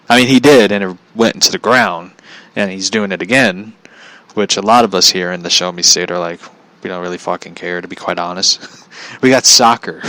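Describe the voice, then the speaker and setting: A man's voice: mid-range voice, fairly bright tone, no echo, poor audio. Dude venting on his vlog, cusses a lot, laughs at himself, mid voice, dead dry sound. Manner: blunt, profane, laughs often. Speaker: vlogger. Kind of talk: casual ranting commentary.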